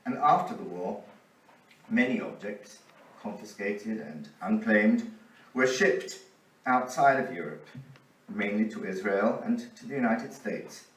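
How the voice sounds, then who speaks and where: A man with a fairly low voice reads out a prepared academic paper at a conference. His phrasing is measured and deliberate. The sound is roomy and he stands a little off the mic. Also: distant mic. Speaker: conference speaker. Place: conference lecture hall.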